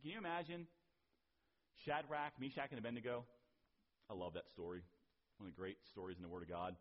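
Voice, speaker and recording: A man's voice: medium pitch, fairly even intonation, a little fast. A man preaching a sermon as pastor, in a conversational way with asides and rhetorical questions, on a dull lo-fi recording.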